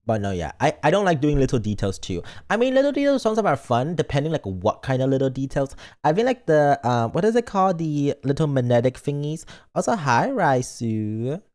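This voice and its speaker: A man's voice: on the high side, big pitch swings, a little fast, hardly any pauses, darkish tone. A man streaming and chatting casually in a playful, rambling way, reading chat messages aloud. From lives in Britain, not British.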